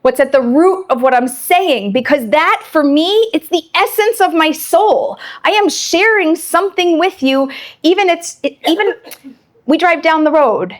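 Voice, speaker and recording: Woman, high voice, animated storyteller, Torah talk to a live audience, middle-aged. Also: measured pace. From immigrant to Israel. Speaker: Torah lecturer.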